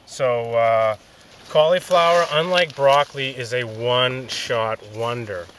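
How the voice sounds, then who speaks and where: A man giving a relaxed, folksy gardening demonstration outdoors in his vegetable garden, with many fillers. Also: medium pitch, unhurried. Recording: distant outdoor mic, faint noise.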